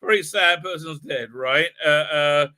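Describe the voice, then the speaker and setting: A man's voice: fairly high pitch, measured pace, sharp tone. A man ranting through an episode recap, incredulous and exasperated, with lots of fillers and mocking quotes. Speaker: show host reviewing an episode.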